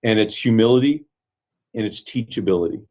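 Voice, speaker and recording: A man's voice: lowish voice, a little fast, darkish tone, lo-fi sound. A man, a pastor, telling stories in earnest, reflective conversation with many restarts. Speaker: pastor, guest. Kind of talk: casual conversation, storytelling.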